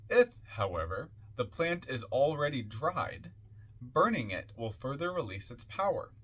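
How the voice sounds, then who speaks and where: Man, mid-pitched, reading esoteric text aloud, measured and deliberate. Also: very animated, a bit bright. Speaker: book reviewer reading aloud. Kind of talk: reading a book aloud with offhand asides.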